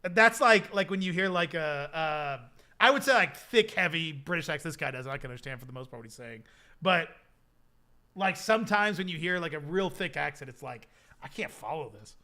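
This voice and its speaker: Man, young adult, streamer, casual rambling chat, high pitch, bright tone. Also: expressive, brisk. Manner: rambling, lots of fillers like "like" and repeats. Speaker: streamer hosting a game server giveaway.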